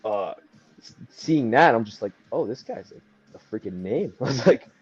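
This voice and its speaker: A crowd can be heard behind this young wrestler guest, whose mid-range voice is animated and moderately paced in a dull lo-fi recording. Telling a story in casual conversation, he rambles, leans on fillers, and acts out people's words.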